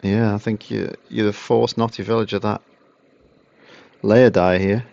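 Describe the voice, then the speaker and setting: An English man commentating a card game match in a relaxed, reactive way. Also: fairly low pitch, measured pace, gravelly, no echo. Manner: relaxed, reactive, laughs often. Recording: dry, dull lo-fi stream audio.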